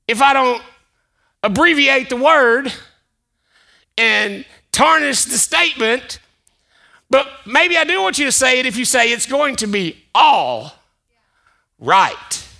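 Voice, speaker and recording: A man preaching a sermon as pastor, chatty and conversational, building up to shouted emphasis. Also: very high voice, very animated, a little slow, gravelly, pauses often.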